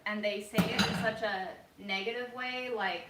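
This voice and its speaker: A woman vlogging casually from her home kitchen, talking in a soft, reflective way with many pauses and ums. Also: medium pitch, background noise. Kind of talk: casual livestream chat. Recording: roomy echo.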